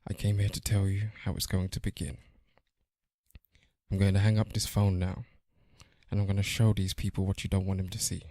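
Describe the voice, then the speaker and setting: A man chats as a podcast co-host, his voice sitting on the low side. Now and then he slips into a slow, hushed recital of film lines. The sound is close and dry. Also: little pitch movement, dry recording. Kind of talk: casual podcast banter.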